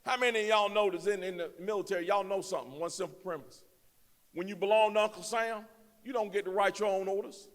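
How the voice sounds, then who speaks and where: A man speaking as a guest in a church, preaching emphatically and rising to shouts in a folksy way. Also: sits high, fast. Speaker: guest speaker, elected official. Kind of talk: fiery preaching. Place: church sanctuary. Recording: long church reverb.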